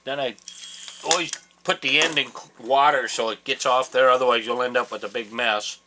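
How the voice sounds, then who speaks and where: A man's voice: medium pitch, fairly even intonation, moderate pace. Man, plain-spoken demo talk, home workshop, spray hiss, air compressor, noisy audio. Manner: folksy, plain-spoken, rambling asides. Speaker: taxidermy instructor. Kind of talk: casual step-by-step demonstration.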